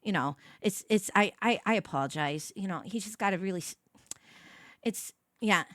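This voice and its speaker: A woman's voice: mid-range voice, normal speed, fairly bright tone, no room sound, clean studio sound. A woman hosting a casual morning livestream, rambling and giggling as she chats with viewers and her dog. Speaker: livestream host.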